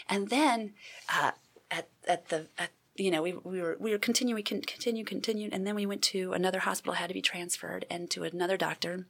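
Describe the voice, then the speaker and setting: Woman, gravelly, husky, halting, earnest testimony, conversational. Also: lowish voice, fairly even intonation, fairly bright tone. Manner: halting, many restarts, earnest. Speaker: interview guest.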